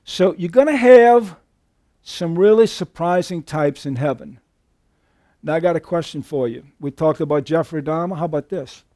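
A man preaching a sermon to a church congregation, emphatic, swinging between loud outbursts and hushed asides. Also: fairly high pitch, normal speed, no room sound, studio quality. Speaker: pastor. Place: church sanctuary.

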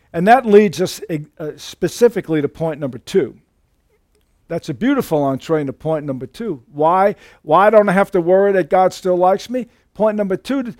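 Casting: male pastor, fairly high voice, lively folksy sermon delivery, dry close recording. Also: no echo. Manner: animated preaching, folksy asides, frequent self-restarts.

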